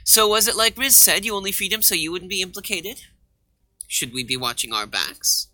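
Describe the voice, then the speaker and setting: A man's voice: sits high, moderate pace, no room sound. A man hosting a let's play, reading the game's dialogue aloud and joking around in between. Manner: lively, joking, bright.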